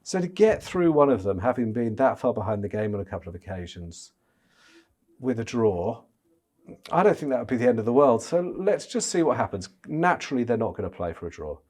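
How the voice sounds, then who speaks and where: Animated, stammering male cricket pundit. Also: medium pitch, brisk. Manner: stammering restarts, animated and chatty. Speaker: chief cricket correspondent. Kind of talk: casual podcast discussion.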